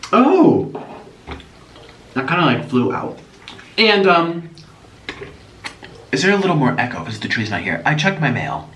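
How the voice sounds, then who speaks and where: A man vlogging as he eats, chatty and animated, breaking off with sudden gasps and exclamations. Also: on the high side, unhurried, long pauses. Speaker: mukbang vlogger. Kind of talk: casual chat while eating. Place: echoey room at home. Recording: echoey room, voice from a distance, faint noise.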